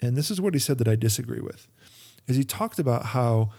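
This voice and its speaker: Man, mellow voice, casual rambling talk, lots of uhs and restarts, Christian podcaster. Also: mid-range voice, animated, a little fast, vocal fry, breathy edge. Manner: rambling, many fillers and restarts. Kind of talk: casual monologue.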